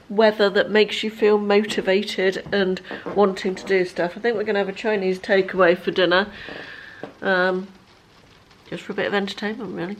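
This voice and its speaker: A woman in her fifties talks straight into her own camera at home. Her chat rambles along in a relaxed vlog style, full of small asides and self-deprecating remarks. Her voice sits at an ordinary middle pitch for a woman. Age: 50s. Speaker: lifestyle vlogger. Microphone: handheld camera.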